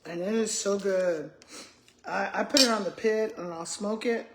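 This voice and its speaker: Speaking at a moderate pace in a mid-range voice, an older woman chats casually with viewers on a live stream as she eats, talking between bites and with her mouth full. She's a retired school principal and vlogger who calls her audience "y'all," recorded in an echoey room.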